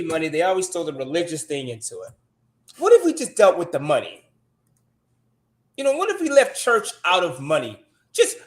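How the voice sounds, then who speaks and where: American man, fairly high voice, blunt, animated storyteller, casual talk-show chat. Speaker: podcast co-host.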